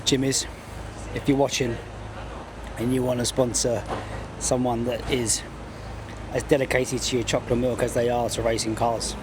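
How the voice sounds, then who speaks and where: Racing driver for a vlog, chatty and self-mocking, mid voice, handheld camera, loud paddock noise behind. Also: male voice, mid-range voice, level tone, moderate pace, pauses often. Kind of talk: casual vlog chat. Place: outdoor race paddock.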